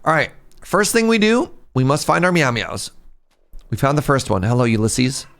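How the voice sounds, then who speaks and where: A man's voice: mid-range voice, sing-song, normal speed, a bit bright. A man live-streaming a game, chatting playfully with his viewers and making jokes. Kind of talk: casual live-stream chat.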